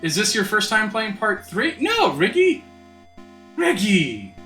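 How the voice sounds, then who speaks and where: His high-pitched voice swoops wildly, slow in pace and sharp in tone, as he commentates his game live. He talks with viewers, laughs frequently and fumbles his words, with game music playing in a roomy room.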